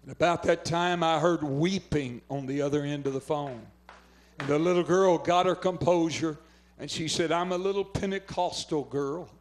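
A man's voice: a little high, normal speed. An older man from Oklahoma, a pastor preaching fervently at a revival and telling a story. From southwestern Oklahoma. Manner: fervent preaching, urging callers to phone in. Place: revival tent.

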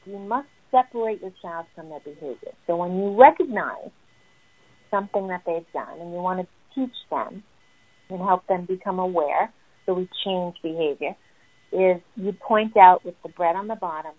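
A woman therapist explaining parenting advice in an animated, emphatic way. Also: on the low side, moderate pace. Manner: animated and emphatic, acting out what children say. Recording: tinny phone-like audio.

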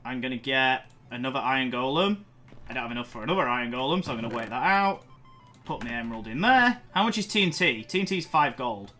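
A young man giving excited commentary over his own gameplay, talking to himself and getting loud in fights. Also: mid-range voice, fast talker, soft background music. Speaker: gaming YouTuber.

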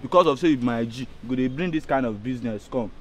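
A man's voice: medium pitch, fast talker. A man with a Nigerian accent in a pidgin comedy skit, haggling over how to split money. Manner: haggling, bargaining over shares.

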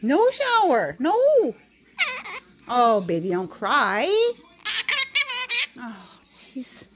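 A woman's voice: a little high, huge pitch swings, drawn-out words, very noisy. A woman talking baby talk to her pet, cooing and teasing in a sing-song way. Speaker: pet owner. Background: music.

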